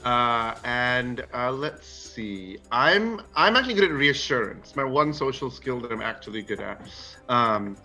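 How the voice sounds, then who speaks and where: A man's voice: medium pitch, expressive, unhurried, bright, forceful tone, soft background music. A man playing a tabletop role-playing game, hesitant and self-deprecating. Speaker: player.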